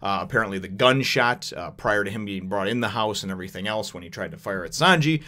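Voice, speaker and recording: A man's voice: lowish voice, lively intonation, quick pace, sharp tone. A young adult man casually recapping a manga chapter, rambling with lots of fillers and chuckles.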